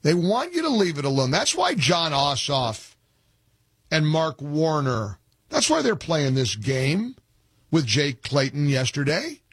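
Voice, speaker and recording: A man's voice: a little high, wildly swooping pitch, unhurried, husky, dry recording, clean studio sound. A man hosting a call-in talk radio show, combative and sarcastic as he reads listener texts and rails against opponents.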